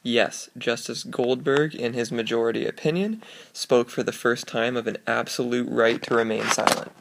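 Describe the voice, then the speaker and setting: Gravelly man reading case summaries. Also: mid-range voice, fairly even intonation, moderate pace, background noise. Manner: reads formal summaries, then adds offhand jokey asides. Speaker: student presenter. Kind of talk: casual read-aloud of case summaries.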